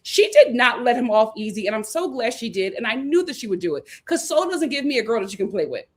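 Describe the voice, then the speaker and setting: A woman's voice: fairly high pitch, big pitch swings, fast talker, husky. A woman in her thirties recapping a reality show in casual chat, laughing and acting out the cast members' lines. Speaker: host of a reality show review stream.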